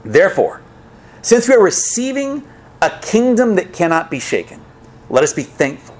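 A man preaching a sermon as a pastor, talking in a conversational, animated way with frequent restarts. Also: high voice, moderate pace.

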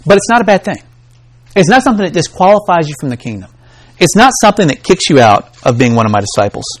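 A man preaching a sermon in an animated way, acting out the voices he quotes. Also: fairly high pitch, quick pace.

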